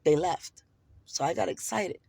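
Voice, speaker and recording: A woman's voice: lowish voice, a little slow, vocal fry, dark tone, slightly rough, dry recording. An American woman ranting in a casual vlog, swearing heavily and sounding heated and indignant. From United States. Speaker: vlogger. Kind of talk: casual storytelling rant.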